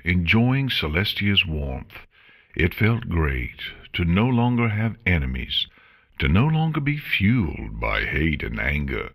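A man narrating an audiobook with a slow, measured reading. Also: deep voice, creaky, a bit bright, slightly rough. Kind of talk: audiobook reading of fan fiction.

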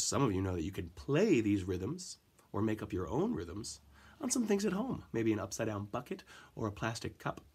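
A man teaching a music lesson to children, counting in and chanting rhythm syllables with gentle encouragement. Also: mid-range voice, slightly rough.

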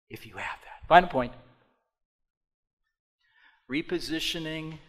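A man preaching a sermon as pastor, speaking directly to the congregation and swinging from quiet asides to loud emphatic passages. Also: medium pitch, animated, unhurried, long pauses. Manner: addresses congregation directly with repeated "okay?".

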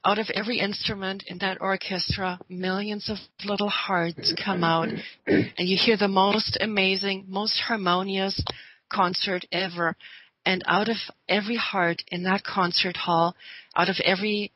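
A woman's voice: medium pitch, level tone, normal speed, a bit bright, slightly rough, low-quality recording. A woman who is a guest on a radio talk show, telling a personal story in an earnest, heartfelt way.

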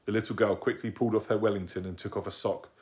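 A man calmly reading a children's book aloud as narrator. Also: on the low side, quick pace.

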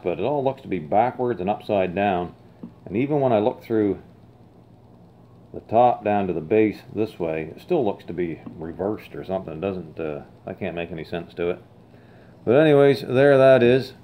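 A man's voice: lowish voice, animated, moderate pace. A man vlogging about old bottles in a folksy, rambling way, chuckling and telling jokes. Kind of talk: casual chat with jokes. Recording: slightly dull lo-fi sound.

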